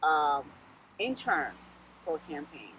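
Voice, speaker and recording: Southern woman candidate in an interview, punchy and encouraging, says things twice, very animated voice. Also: low-pitched, slow, dull audio, slight background noise. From Sierra Leone. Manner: emphatic, encouraging, repeats key phrases. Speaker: political candidate guest. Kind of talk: casual interview talk.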